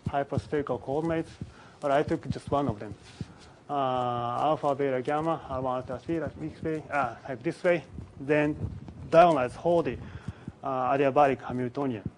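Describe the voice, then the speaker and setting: Halting male physicist giving a lecture. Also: a little high, a little hiss or hum, low-quality recording. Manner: halting, many restarts and pauses. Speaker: physicist giving a symposium talk. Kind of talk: conference lecture. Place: symposium lecture room.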